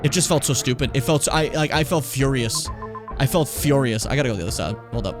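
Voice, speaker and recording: A man's voice: medium pitch, fast talker, music in the background. A man streaming a game live, talking casually in a rambling, profane way while he plays.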